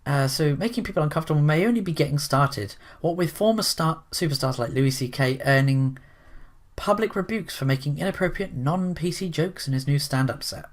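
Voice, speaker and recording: A man's voice: on the high side, a little fast. A man giving opinionated commentary in a rambling, sarcastic way, full of restarts and asides. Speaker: commentary vlogger.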